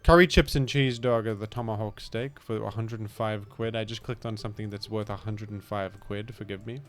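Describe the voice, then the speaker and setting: A man's voice: on the low side, fairly even intonation, fairly quick, soft background music. A man with an Australian accent, a gaming streamer giving rambling, self-deprecating commentary that trails off into mumbled asides. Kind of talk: casual rambling game commentary.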